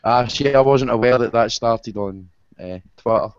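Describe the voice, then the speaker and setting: A man's voice: medium pitch, moderate pace, smooth, dry recording. A man with a mid-range voice hosts a podcast, moving the chat along with wry, jokey remarks. His sound is very dry and dull, with no room around it, like an online call. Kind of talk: casual group chat.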